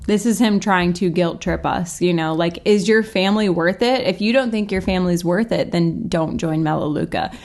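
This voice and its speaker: A woman's voice: fairly low pitch, moderate pace, hardly any pauses, darkish tone. A woman hosting a chatty, sarcastic reaction commentary, peppered with likes. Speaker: commentary host.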